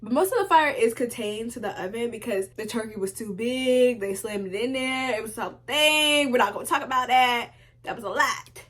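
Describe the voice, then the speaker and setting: A woman's voice: a little high, normal speed. Sassy young woman doing commentary. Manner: sassy, animated asides, talks back to characters. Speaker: video essay host. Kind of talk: casual commentary recap.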